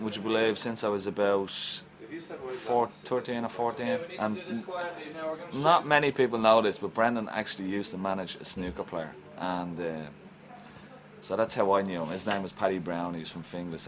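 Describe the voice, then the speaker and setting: A man's voice: low voice, background noise. An Irish actor chatting on set about his part, easygoing and rambling. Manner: easygoing, rambling, lots of fillers. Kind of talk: casual interview.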